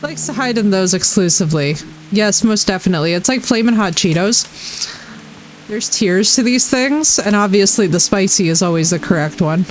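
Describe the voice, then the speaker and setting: A woman's voice: medium pitch, expressive, normal speed, rough recording. A woman streaming a game live, reacting with laughter and swearing and chatting with her viewers. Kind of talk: live gameplay commentary.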